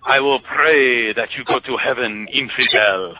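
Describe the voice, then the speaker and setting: A man voicing a pushy, preachy Egyptian male taxi driver with an Egyptian accent, talking slow and solemn, on dull lo-fi radio audio. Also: medium pitch, a little hiss or hum, lightly acted.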